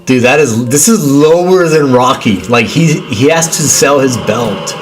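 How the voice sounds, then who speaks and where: A man's voice: medium pitch, lively intonation, measured pace, over music. A young man hosting a casual movie watchalong stream, stammering and repeating his words and saying "dude" a lot. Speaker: livestream host.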